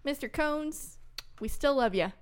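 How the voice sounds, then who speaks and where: A woman's voice: sits high, lively intonation, a little slow. A woman co-hosting a casual podcast, recapping episodes in an enthusiastic, friendly and chatty way. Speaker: podcast co-host. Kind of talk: casual chat.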